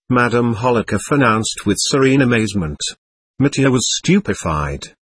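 A man narrating a classic novel as an audiobook, with expressive, dramatic storytelling. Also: medium pitch, moderate pace, slightly rough, no room sound.

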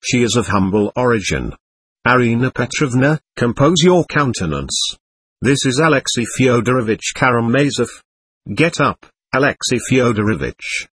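A man's voice: medium pitch, lively intonation, moderate pace, fairly bright tone, breathy edge. A man reading the part of a poor, defiant older captain who mocks himself with theatrical bitterness. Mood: grandly theatrical. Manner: bitter, theatrical, self-abasing.

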